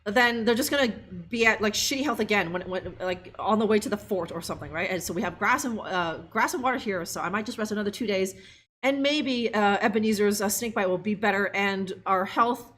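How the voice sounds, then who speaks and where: A woman's voice: medium pitch, fairly quick, fairly bright tone. A woman streamer chatting casually and laughing as she plays a game live and talks to her viewers. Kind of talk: live gameplay commentary.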